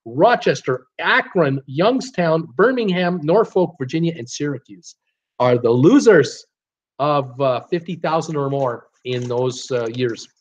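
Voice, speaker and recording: A man's voice: on the high side, lively intonation, measured pace. A man hosting a casual live trivia stream, upbeat as he reads out viewer guesses and gives hints. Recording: dull lo-fi stream audio.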